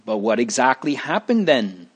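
A man voicing rough, suspicious men who question strangers in a storybook, raising his voice as he demands answers. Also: mid-range voice, sing-song, moderate pace. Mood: demanding. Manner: demanding, interrogating.

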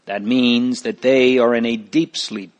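Man voicing a storybook pilgrim mother, earnest, slow, slightly raised voice. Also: mid-range voice, steady tone, darkish tone, lightly acted. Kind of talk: storybook reading.

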